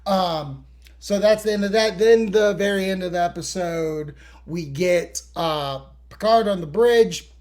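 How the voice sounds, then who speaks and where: Animated man recapping a TV episode. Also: high voice. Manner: animated, profane, acts out scenes. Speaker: podcast host.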